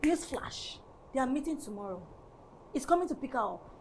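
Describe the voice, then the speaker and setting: In a high, sing-song voice delivered briskly, with a little hiss or hum on the recording, an actress in a Nollywood film plays a jealous, petulant young daughter. She speaks with a Nigerian accent while complaining to her mother.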